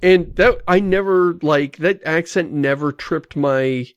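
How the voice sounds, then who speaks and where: A man's voice: fairly high pitch, takes it slowly, no room sound. A man hosting a podcast, chatting casually and reading listener mail aloud. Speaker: podcast host. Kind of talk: casual chat.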